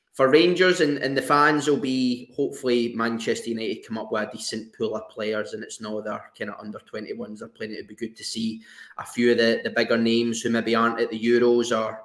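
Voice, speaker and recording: A man co-hosting a football podcast, talking haltingly and repeating words as he thinks. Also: medium pitch, fairly bright tone. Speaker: podcast co-host. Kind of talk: casual football chat. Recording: roomy echo.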